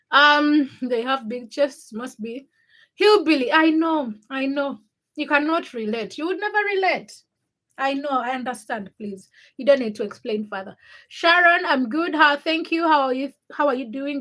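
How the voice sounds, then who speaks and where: A young Ugandan woman hosts a casual livestream, reading out viewer comments by name and teasing the people who wrote them. Her voice is high, animated and a bit bright, moving at a normal speed.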